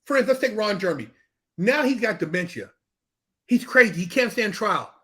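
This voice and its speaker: High-voiced man telling animated, profane stories. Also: brisk. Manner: animated storytelling, profane, acts out quoted dialogue. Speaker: guest. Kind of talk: casual podcast conversation.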